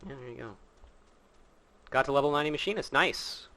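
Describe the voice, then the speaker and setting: A man's voice: mid-range voice, a little fast, bright, forceful tone. A man hosting a casual game stream, teasing his co-reader with wisecracks. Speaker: stream host.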